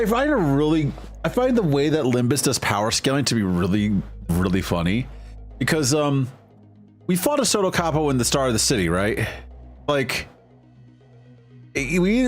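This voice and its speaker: Rambling, cursing male streamer. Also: medium pitch. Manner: rambling, self-deprecating, swears freely. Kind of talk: casual gameplay commentary.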